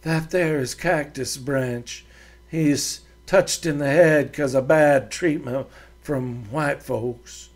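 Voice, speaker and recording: A man's voice: on the high side, slow pace. A man voicing a work-hardened frontier ranch wife who talks bluntly and threateningly in a rural drawl. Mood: firm.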